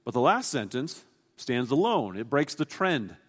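A man's voice: medium pitch, big pitch swings, a little slow, big-room sound. A man preaching a sermon, explaining a scripture passage in an earnest, teaching way, often restarting his sentences.

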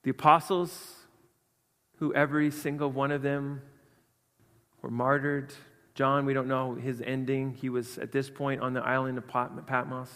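A man preaching a sermon with earnest emphasis, swinging between loud stresses and quiet asides. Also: mid-range voice, little pitch movement, unhurried. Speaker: pastor. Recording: long hall reverb.

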